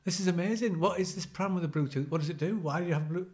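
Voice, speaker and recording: A man's voice: high voice, fast. A middle-aged man co-hosting a podcast, rambling and teasing in casual chat. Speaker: podcast co-host.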